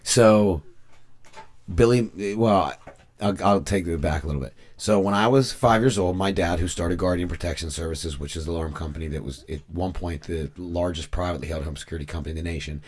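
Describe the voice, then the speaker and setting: A man with a low, deep voice talks quickly as a podcast guest. He tells stories from his life in loose, casual chat and acts out the people he quotes along the way. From Pittsburgh area, USA. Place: podcast studio.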